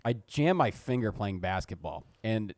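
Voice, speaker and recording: A man's voice: lowish voice, lively intonation, normal speed, darkish tone, no room sound, studio quality. A young man co-hosting a podcast, telling rambling, self-mocking school stories and swearing freely. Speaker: podcast co-host. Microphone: podcast studio mic.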